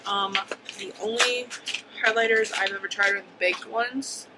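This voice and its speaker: A woman's voice: mid-range voice, steady tone, normal speed, very noisy. A woman in her twenties talking casually through a makeup tutorial, chatty and a little hyper, rambling with ums and likes. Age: 20s. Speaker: beauty vlogger.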